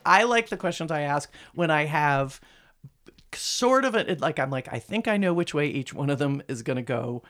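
Wry, lively-pitched low woman host. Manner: wry, teasing, often affirms others with quick yeps. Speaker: podcast host. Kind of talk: casual chat.

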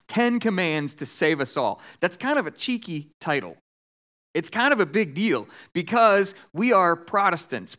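A man preaching a sermon as pastor, telling a joke with lively voices for the characters in a church sanctuary. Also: fairly high pitch. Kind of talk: sermon with storytelling.

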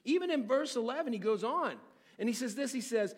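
A high-voiced man preaching with wide, lively swings of pitch. He throws rhetorical questions at the congregation and moves from ringing exclamations to near-hushed lines. His voice carries a long reverb, as in a large hall. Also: normal speed. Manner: dramatic, swings between loud exclamations and near-hushed phrases; asks the listeners rhetorical questions. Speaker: pastor. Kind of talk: expository sermon.

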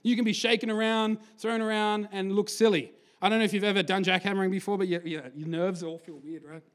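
Animated preacher man, slightly high voice. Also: quick pace. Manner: energetic storyteller, acts out quotes, drops to a hushed close. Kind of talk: sermon.

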